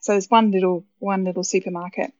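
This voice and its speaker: An Australian woman hosts a relaxed podcast conversation, chatty and quick to laugh as she tells her stories. The recording is dry and close, with a slightly dull, muffled tone. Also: medium pitch, dry recording. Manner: chatty, animated storyteller who laughs easily. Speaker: podcast host. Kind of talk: casual conversational chat.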